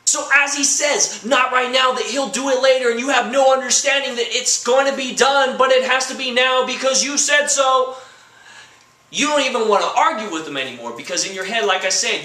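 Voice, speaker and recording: Young man, very high voice, bright, comedic rant, bursts of shouting, echoey room. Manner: ranting, acts out quoted girlfriend lines, bursts into shouting. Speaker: comedy vlogger.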